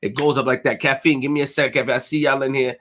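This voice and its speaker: A man's voice: medium pitch, steady tone, fast talker, fairly bright tone. A young man hosting a live stream, ranting boastfully and emphatically, repeating his phrases and tripping over words. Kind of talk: fired-up live-stream rant.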